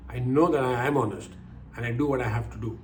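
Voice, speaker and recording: A man's voice: medium pitch, fast, slight background noise. An older man telling personal stories as life lessons, acting out the voices he quotes and repeating phrases for emphasis. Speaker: speaker giving life lessons. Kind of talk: personal storytelling talk.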